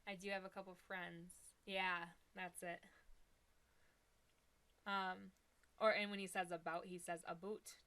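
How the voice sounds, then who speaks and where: A woman's voice: lowish voice, little pitch movement, measured pace, long pauses, pushed and bright, clean tone. Chatty Midwestern woman livestream host. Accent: Upper Midwest American. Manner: chatty, giggly, talks to chat viewers. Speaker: live shopping stream host. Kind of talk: casual live stream chat.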